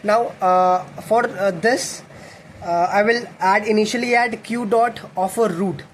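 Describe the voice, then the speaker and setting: A man's voice: sits high, steady tone, measured pace. A young man teaches a coding lesson, thinking aloud and correcting himself as he writes code. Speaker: coding tutor. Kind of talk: explaining code while writing. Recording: faint background noise.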